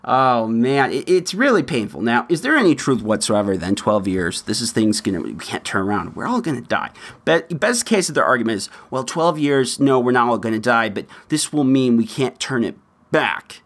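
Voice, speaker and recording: Man, podcast host, opinionated commentary, lively pitch, laughs mid-sentence. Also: moderate pace.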